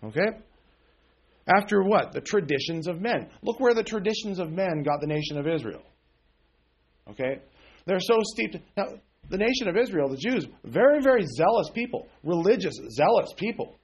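A man's voice: on the high side, lively intonation, normal speed, husky, lo-fi sound. A man preaching a conversational sermon, often asking the congregation questions and checking in with "okay?". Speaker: pastor.

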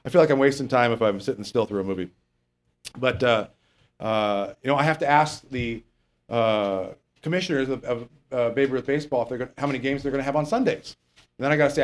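Speaking quickly in a mid-range voice, this male pastor wanders through a chatty sermon. He jokes as he reads from the Bible, sometimes loses track of where he is, and leans hard on the main points.

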